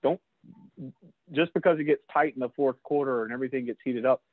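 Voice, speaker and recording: A man's voice: medium pitch, brisk, no room sound. A man, a lacrosse official, leading a casual training session and talking straight to the group, calling them guys. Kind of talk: casual instructional talk. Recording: dry, tinny phone-like line.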